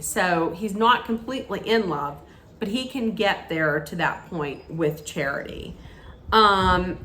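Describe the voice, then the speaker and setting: A woman's voice: medium pitch, a bit bright, echoey room, slight background noise. A woman recapping a reality TV episode in a casual, gushing way, with lots of ums and restarts. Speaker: TV recap vlogger.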